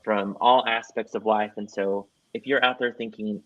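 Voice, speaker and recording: A man's voice: fairly low pitch, steady tone, normal speed, no room sound, highs cut off. A man hosting a casual livestream interview, upbeat and rambling, chuckling often as he promotes upcoming shows. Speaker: host.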